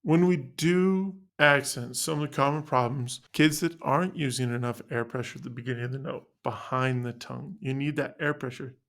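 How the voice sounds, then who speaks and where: A man's voice: mid-range voice, fairly even intonation, moderate pace, few pauses. Man explaining band articulation to students. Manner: explanatory, demonstrates syllables aloud. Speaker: band teacher. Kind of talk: instructional lesson narration.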